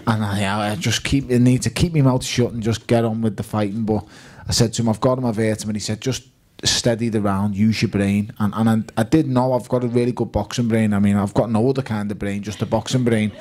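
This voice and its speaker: At a live fan night, a boxer from Liverpool tells spirited stories fast, his pitch on the low side. He often quotes his own words and those of others.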